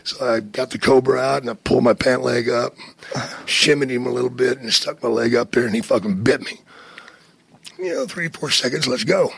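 A man telling a profane backstage anecdote in an animated way, acting out the dialogue. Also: medium pitch, fairly quick, creaky, breathy edge, no echo. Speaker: storyteller in archive clip.

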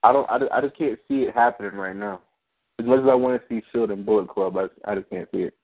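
A man's voice: mid-range voice, quick pace. A man co-hosting a wrestling podcast, talking casually and ranting with some swearing. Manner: animated, ranting, profane. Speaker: podcast co-host. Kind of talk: casual chat. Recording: dry tinny phone-like sound.

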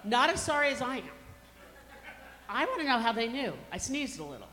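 A woman's voice: a little high, sing-song, a little fast, sharp tone. A woman in her fifties from Colorado doing a stand-up comedy routine, with brash, self-mocking punchline delivery on a stage microphone. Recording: reverberant hall, faint background noise.

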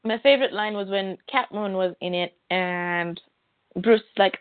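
A woman's voice: mid-range voice, normal speed, no echo. A woman in casual chat about comics, talking loosely and quoting people with "I'm like". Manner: chatty, quotes people with "I'm like". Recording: dry tinny phone-like sound.

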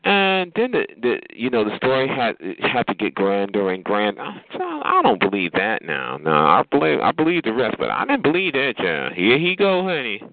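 Sassy man, teasing chat-line talk, swooping pitch, tinny phone sound. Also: wildly swooping pitch, gravelly. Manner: sassy, drawn-out teasing with frequent "honey" and "child". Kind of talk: casual chat roast.

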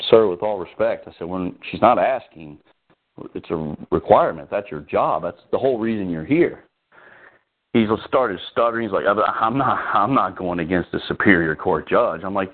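Low-voiced man on a phone line. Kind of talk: casual storytelling. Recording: tinny phone-line audio.

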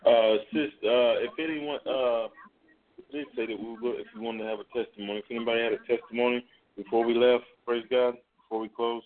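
A man leading a prayer line, praying and then chatting with callers in a halting way, full of fillers and restarts. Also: mid-range voice, fairly even intonation. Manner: hesitant, many fillers and restarts. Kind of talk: prayer and call-in chat. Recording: tinny phone line.

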